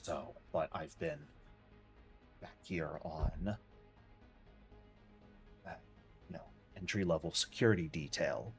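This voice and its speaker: A man voicing an uneasy former friend who now works as a low-ranking guard, speaking in an earnest, faltering way. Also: slow pace, long pauses, soft background music, full character voice.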